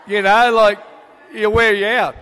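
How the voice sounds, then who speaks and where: A man's voice: sits high, little pitch movement, measured pace, a bit bright, slight background noise. Older Australian man giving a wedding toast. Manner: rambling, sentimental, with many fillers and restarts. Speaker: father of the bride. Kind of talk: wedding speech. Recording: long hall reverb.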